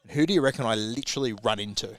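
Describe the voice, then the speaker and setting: A man's voice: medium pitch, racing. An Australian man, a guest pundit, telling a long laughing anecdote in casual chat on a live sports show, acting out the people in his story. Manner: rambling, laughing anecdote with acted quotes. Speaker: guest rugby league pundit.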